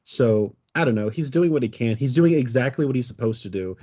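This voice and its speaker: A man's voice: medium pitch, lively intonation, brisk, darkish tone, muffled recording. A man co-hosting a podcast in casual chat, rambling and hesitant, with lots of fillers. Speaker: podcast co-host.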